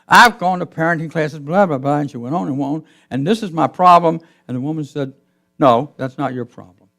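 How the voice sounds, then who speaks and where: A man pastor giving a sermon in a church, telling a story with his voice swelling loud and then dropping to a hush. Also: fairly high pitch, fairly quick. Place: church sanctuary.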